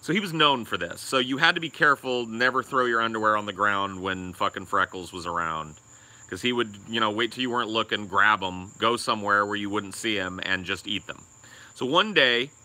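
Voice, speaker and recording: A man's voice: lowish voice, a little fast, pushed and bright. A young man co-hosting a podcast, telling a rambling, crude story and swearing a lot. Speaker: podcast co-host.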